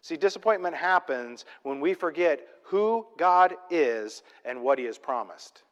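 Guy preaching, high voice, punchy and then hushed, lots of "have you ever been there". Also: animated, measured pace, big-room sound, highs cut off. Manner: emphatic, asks rhetorical questions, swings from loud to soft. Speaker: pastor. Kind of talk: sermon.

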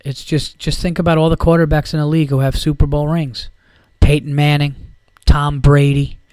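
A man rants heatedly about football, swearing freely and rambling from point to point. His voice sits a little high for a man. The sound is dry and close, with no room around it. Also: flat delivery, moderate pace, darkish tone, clean tone, dry recording. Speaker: podcast host. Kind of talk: casual sports rant.

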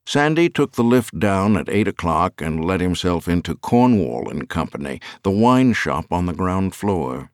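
A man with a very low voice reads an audiobook in a measured, storytelling way. His pitch stays lively and expressive, and the recording is close and dry. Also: dry recording. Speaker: audiobook narrator. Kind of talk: scripted audiobook narration.

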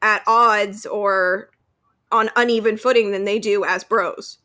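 A woman's voice: medium pitch, fairly even intonation, a little slow, pushed and bright. A woman co-hosting a podcast in casual chat, thoughtful and agreeable. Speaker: podcast co-host.

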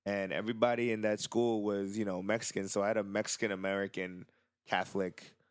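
Low-voiced man, hesitant. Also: little pitch movement, fairly quick, smooth, dry recording. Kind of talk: casual chat.

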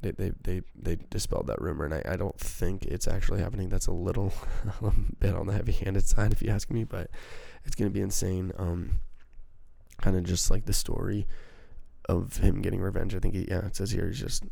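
Male podcaster, very deep gravelly voice, dark tone, loose profane rambling. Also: steady tone, brisk, no room sound. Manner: rambling, profane, self-mocking. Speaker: podcast host. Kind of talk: casual solo podcast chat. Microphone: handheld microphone.

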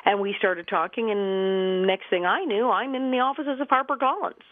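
A woman's voice: medium pitch, fairly even intonation, moderate pace, dry recording. A woman in her fifties, a guest actress and comedian, telling stories in a radio interview and laughing often. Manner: chatty storyteller, laughs often. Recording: phone-line call-in.

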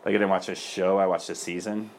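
A man's voice: low voice, level tone, fast talker, a little hiss or hum. A young man speaking as a priest, giving an earnest personal testimony in a loose conversational way. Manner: earnest and conversational, many fillers.

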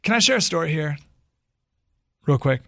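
Male radio host, storytelling, fairly high voice, very lively pitch, dry close sound. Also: gravelly, no room sound. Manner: animated storytelling with quick asides. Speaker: radio talk show host. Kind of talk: talk radio, reading a story aloud.

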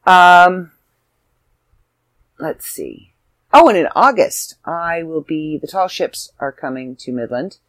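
A woman's voice: deep voice, animated, slow pace, long pauses, a bit bright, dry recording. A woman, hosting her own podcast as an author, chatty and self-deprecating, sounding tired. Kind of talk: casual solo podcast chat.

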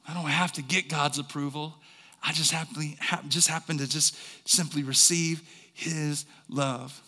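Preacher guy at a church service, sharp bright tone, long echo. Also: on the high side, steady tone, moderate pace. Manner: swings from quiet to shouting, call-and-response questions. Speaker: pastor. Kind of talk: sermon.

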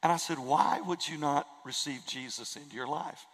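Pastor guy preaching, kinda high voice, earnest and emphatic, big echoey church sound. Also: moderate pace, fairly bright tone, slightly rough. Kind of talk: sermon. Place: church sanctuary.

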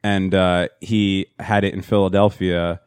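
A man's voice: low voice, level tone, unhurried, a little mellow, smooth, no room sound, studio quality. A man co-hosting a podcast, trading crude, sarcastic banter and swearing freely. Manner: profane, sarcastic. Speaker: podcast co-host.

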